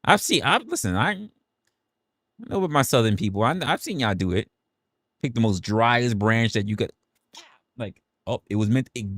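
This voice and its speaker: A young New man who rants animatedly on a livestream, repeating his lines and joking along the way. His voice sits a bit low and sounds dry and close, with no room around it. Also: lively intonation, moderate pace, fairly bright tone, no echo. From New York City. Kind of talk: casual livestream rant.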